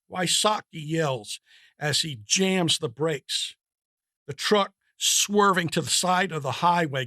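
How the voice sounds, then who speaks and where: Male reader, slow and measured, bright dry narration of a short story. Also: on the high side, no echo. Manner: measured, deliberate. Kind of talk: scripted narration.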